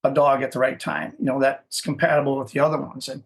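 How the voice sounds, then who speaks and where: As a podcast guest, a middle-aged dog breeder tells his story in casual interview style, rambling, often restarting sentences and tossing in "you know." His mid-range voice comes out fast and flat.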